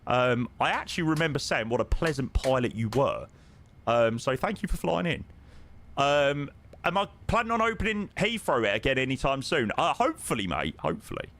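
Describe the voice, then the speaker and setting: A man's voice: medium pitch, big pitch swings, moderate pace, fairly bright tone. A man chatting casually on a live stream, answering viewers with plenty of ums and friendly "mate"s. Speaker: live streamer flying a flight simulator.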